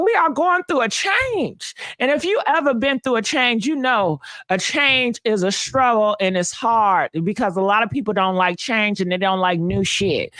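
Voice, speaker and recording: A woman hosting a live gossip stream, sassy and animated, chatting with viewers and answering comments. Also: fairly high pitch, dry recording. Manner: sassy, animated, calls viewers honey and baby, laughs often. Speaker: host of a live gossip channel. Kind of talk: casual live-stream chat reading comments.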